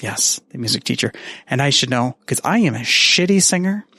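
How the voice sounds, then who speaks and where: A man with a gravelly, creaky voice at an ordinary pitch, talking casually and rambling, mocking himself and swearing freely. The sound is dry and close. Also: expressive, moderate pace, pushed and bright, no echo. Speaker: podcaster sending a message. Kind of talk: casual recorded message.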